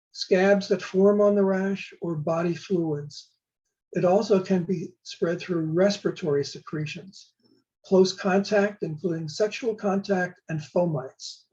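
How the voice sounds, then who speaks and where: An older man, a law and public health professor, giving a measured, prepared explainer talk. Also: sits high, steady tone, a little mellow, muffled recording. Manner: measured, slow spelling out of terms.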